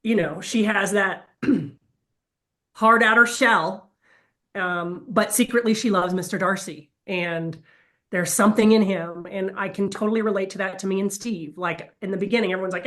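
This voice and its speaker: A middle-aged woman in a casual family interview, telling an emotional, animated story. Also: medium pitch, moderate pace. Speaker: family member in a group interview. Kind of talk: casual chat.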